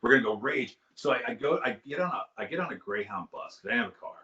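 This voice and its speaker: A man in his fifties telling a wild story in casual chat on a video call, animated and excitable. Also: medium pitch, rapid-fire, muffled recording, slight background noise. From California. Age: 50s. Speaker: guest musician.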